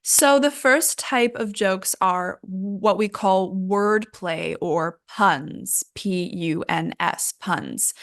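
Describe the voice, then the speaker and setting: Woman, young adult, English teacher, casual online lesson, chatty, laughs at herself, middle pitch. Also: fairly bright tone.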